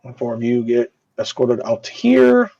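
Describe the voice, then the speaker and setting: A man's voice: medium pitch, big pitch swings, unhurried, gravelly, mellow, lo-fi sound. A young man running a tabletop game as game master, casual and loose, with lots of filler words and swearing.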